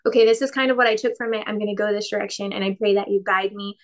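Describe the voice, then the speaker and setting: A woman's voice: mid-range voice, steady tone, racing. A woman in her thirties co-hosting a casual faith podcast, chatty, laughing often and acting out quotes. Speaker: podcast co-host.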